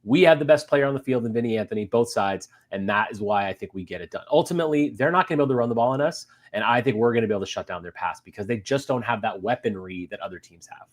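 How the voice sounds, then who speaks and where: A man co-hosting a sports podcast from a hotel room, talking in an emotional, excitable way with lots of fillers. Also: medium pitch, racing, few pauses. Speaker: podcast co-host.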